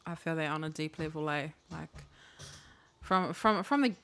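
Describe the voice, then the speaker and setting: A woman's voice: deep voice, moderate pace, fairly bright tone. Candid, swearing New woman. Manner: candid, swears freely, acts out quotes. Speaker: podcast co-host. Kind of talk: casual chat.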